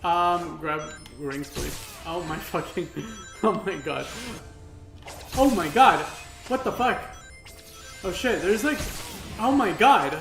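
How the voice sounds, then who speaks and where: A man streaming a video game, reacting with excitable yelps, laughter and frequent swearing. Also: sits high, slow, vocal fry, long pauses, reverberant, music in the background. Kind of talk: live gameplay commentary.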